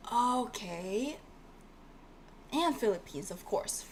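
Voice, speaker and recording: A woman's voice: mid-range voice, expressive, unhurried. A woman runs a live-streamed language class, drilling each word again and again. She talks animatedly and chats with her viewers. A faint hiss sits under her voice. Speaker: Korean language teacher.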